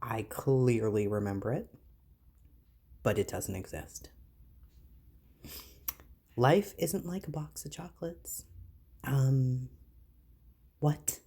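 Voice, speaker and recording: A woman's voice: very deep voice, takes it slowly, pauses often, husky. A woman vlogging casually, reading items aloud and reacting with exasperated disbelief. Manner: incredulous, exasperated, animated reactions.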